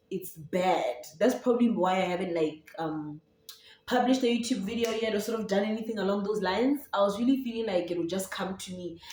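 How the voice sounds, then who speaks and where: A woman's voice: on the low side, darkish tone. Young Zambian woman, Setswana twang, rambling casual vlog chat, roomy and off-mic. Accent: Setswana-tinged English. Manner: chatty, rambling, many fillers and restarts. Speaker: YouTuber and podcaster. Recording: roomy echo, voice from a distance.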